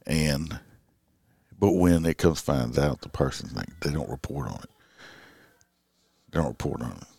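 A man's voice: very deep voice, darkish tone, no echo, studio quality. A middle-aged man, a police officer talking in a casual, rambling late-night monologue full of fillers and restarts.

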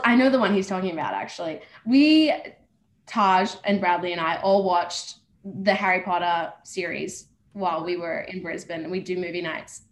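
A young woman, an actor, chatting casually and bubbly in an interview over a video call. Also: on the low side. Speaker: actor guest. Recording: echoey room with faint noise.

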